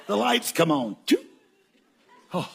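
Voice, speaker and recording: An older man preaching, telling stories in an animated way that breaks into shouts and laughter. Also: high voice, moderate pace, gravelly. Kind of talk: sermon storytelling.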